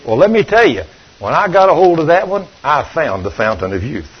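An older man preaching a sermon, telling stories and swinging between loud and hushed. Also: fairly high pitch, very animated, brisk, breathy edge. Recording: dull lo-fi recording.

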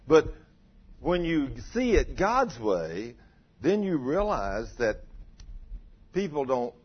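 A man's voice: big pitch swings, takes it slowly, slightly rough. A man preaching a sermon in a folksy way, asking the listeners rhetorical questions and telling stories. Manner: folksy, rhetorical tag questions, dramatic pitch swings. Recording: dull lo-fi recording.

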